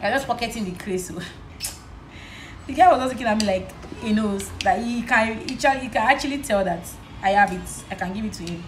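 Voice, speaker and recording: A young Nigerian woman with a Nigerian accent, vlogging in a casual chat while she does her makeup, telling a story in an animated way. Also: mid-range voice, a little fast, reverberant, a little hiss or hum, rough recording. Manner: animated storytelling, switching between English and Yoruba.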